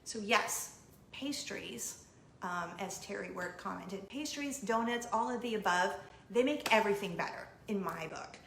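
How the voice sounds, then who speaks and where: Bright, expressive woman in an echoey room. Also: a little slow, slight background noise. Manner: emotional and expressive, high excited quoting. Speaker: vlogger, show host. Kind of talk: casual storytelling to camera.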